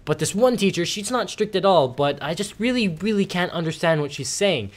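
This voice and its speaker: Ranting teenage boy gamer, higher voice. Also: lively intonation, brisk. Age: teens. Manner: rambling, ranting, many fillers and restarts. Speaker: gameplay commentator. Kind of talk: casual gaming commentary rant.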